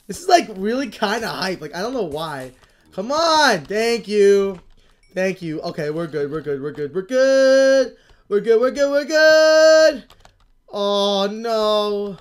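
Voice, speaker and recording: A young woman giving casual, excitable commentary on her own game, panicking and repeating herself as she plays. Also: mid-range voice, a little slow. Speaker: gaming channel host.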